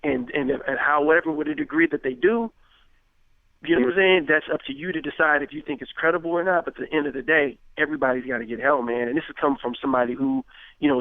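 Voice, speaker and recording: A man's voice: medium pitch, dry recording. A man in his thirties, a rapper, talking casually in an interview with lots of fillers, acting out quoted conversations. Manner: animated, acts out quoted dialogue, many fillers. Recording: tinny phone-like radio sound.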